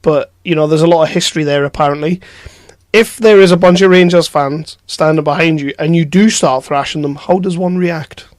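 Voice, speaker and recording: Man, podcast host, jokey, rambling, slightly high pitch, dry close sound. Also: fairly even intonation, a little fast, no echo. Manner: jokey and rambling, laughs often. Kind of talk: casual chat.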